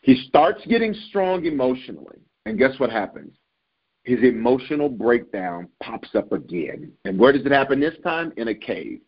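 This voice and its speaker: A man preaches with a husky edge, his pitch leaping and dropping as he drives each point home through repetition. The sound is dull and lo-fi, like an old sermon recording, and he speaks at a middling pitch for a man. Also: big pitch swings, moderate pace. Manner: emphatic, repetitive preaching with sudden pitch swings.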